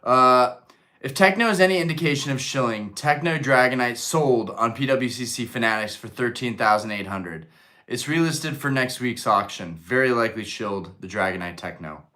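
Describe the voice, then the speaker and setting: A man's voice: medium pitch, normal speed, pushed and bright. A man hosting a live stream in casual chat, rambling with lots of fillers while answering the chat.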